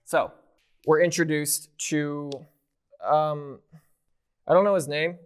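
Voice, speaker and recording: Rambling, higher-voiced man recapping game lore. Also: fairly even intonation, slow pace, clean tone, soft background music. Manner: rambling, self-correcting, loose and joking. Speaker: YouTuber.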